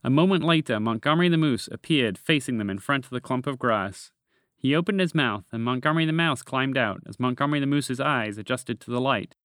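A man narrating a children's storybook tale as the podcast host, in a gentle, measured reading voice. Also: mid-range voice, no room sound, clean studio sound.

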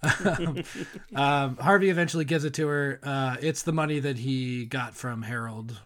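A man's voice: mid-range voice, normal speed, a bit bright. A man hosting a podcast in casual chat, rambling with fillers and frequent laughter. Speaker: podcast host.

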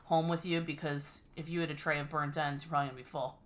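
A woman's voice: deep voice, little pitch movement, fast talker. A woman co-hosting a podcast in casual chat, emphatic and opinionated, laughing often. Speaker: podcast co-host.

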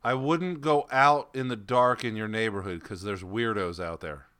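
A man's voice: lowish voice, normal speed, fairly bright tone. A man hosting a casual chat, joking and teasing the others.

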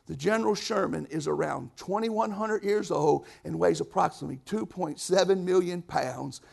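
A man preaching a sermon, telling folksy stories and swinging from soft asides to loud bursts. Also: high-pitched, gravelly, husky.

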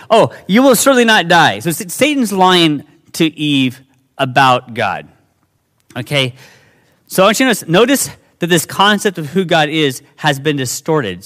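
A man preaching a sermon, talking casually to his congregation and jumping into high, whiny voices to act out the dialogue. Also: a bit bright. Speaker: pastor.

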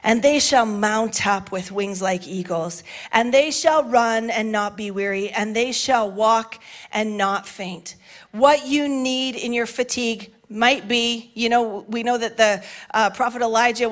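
A middle-aged woman pastor preaching a sermon in a church, passionate and building to shouts at the big moments. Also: on the high side. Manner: passionate, rising to shouts at climaxes. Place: church sanctuary with balcony.

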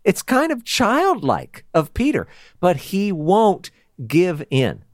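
A man leads a relaxed Bible study with an animated, chatty delivery. His pitch swings widely as he talks, and he breaks into laughter now and then. The sound is dry and close. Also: slow, no room sound. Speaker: Bible teacher. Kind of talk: casual Bible study talk.

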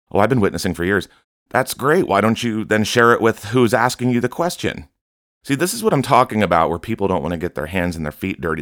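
A man with a deep, low-pitched voice preaches to his podcast listeners in a fervent, scolding tone that makes no secret of his anger. The sound is dry and close, with no room echo around him. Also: a bit bright. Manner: fervent, admonishing, openly angry. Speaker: podcast host. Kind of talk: impassioned preaching monologue.

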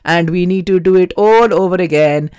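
A woman mimicking a flustered male fast-food manager in a podcast anecdote. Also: on the low side, a little mellow, clean tone, no echo, clean studio sound, natural voice.

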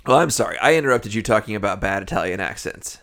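A man's voice: on the low side, expressive, fast talker, creaky, fairly bright tone. Jokey man podcast co-host. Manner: jokey, laughs often, riffs on references. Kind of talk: casual chat.

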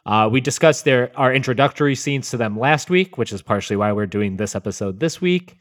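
A man hosting a podcast in casual chat, relaxed and measured with wry asides. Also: mid-range voice. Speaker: podcast host.

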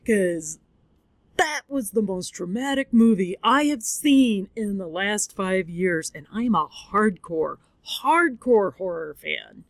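On her podcast, a woman recaps a movie in an unhurried, mid-range voice, recorded dry. Crying as she talks, she's candid and expressive, curses freely, and performs different voices.

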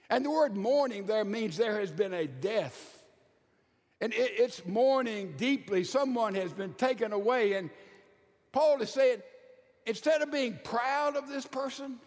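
A man preaching a sermon to a congregation, emphatic, with big swings between loud, quick bursts and slow, hushed stretches. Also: high-pitched. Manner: emphatic preacher with wide swings in loudness and pace. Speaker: pastor. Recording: hall reverb.

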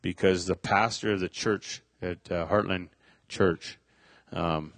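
Middle-aged man, very low voice, dry close sound, halting personal testimony with lots of restarts. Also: fairly even intonation, fairly bright tone, no echo. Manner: halting, many fillers and restarts. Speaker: speaker sharing a testimony.

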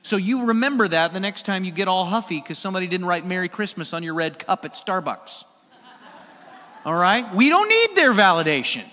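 A man's voice: high voice, big pitch swings, brisk, sharp tone, long reverb tail. A pastor preaching a sermon to his congregation in a conversational way, tossing rhetorical questions to the room. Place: church sanctuary.

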